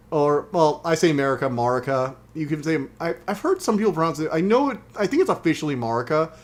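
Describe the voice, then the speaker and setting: A man talking through his own game stream in an easygoing, wry way. His voice sits at an ordinary middle pitch. He rambles on through his plans and breaks into exasperated outbursts when the game surprises him. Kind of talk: gaming stream commentary.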